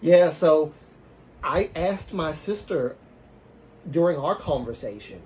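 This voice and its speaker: Slow and animated, with a fairly high pitch and long pauses, a man tells a story on a livestream over slight background noise. His Southern US accent accompanies a casual, rambling style full of restarts and soft trailing off.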